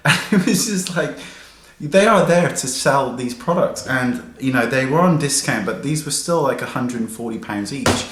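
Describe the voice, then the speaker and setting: A man, a makeup artist, telling a chatty, indignant story to his viewers in a casual vlog. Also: medium pitch. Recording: echoey room with faint hiss.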